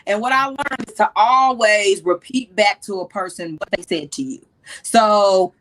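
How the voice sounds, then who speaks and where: A woman in her thirties hosting a casual advice talk, animated and repeating key phrases for emphasis. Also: mid-range voice, a little slow, poor audio. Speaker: host.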